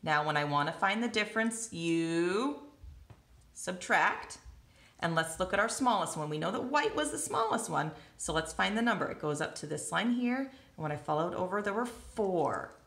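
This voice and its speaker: A woman teacher walks students through a worksheet in a recorded classroom lesson, her lowish, slightly bright voice lively in intonation and at normal speed. She thinks aloud step by step, tapping out syllables on the table while holding a handheld recorder in one hand, in an echoey room.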